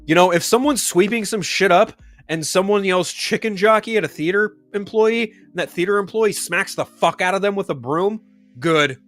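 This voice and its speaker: A man's voice: high-pitched, normal speed, a bit bright, soft background music. A man hosting a commentary show, ranting heatedly and swearing often.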